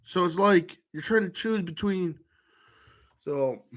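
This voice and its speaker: A man's voice: high-pitched, slow pace, a bit bright. A man vlogger talking in a rambling monologue to camera, full of restarts and trailing fillers.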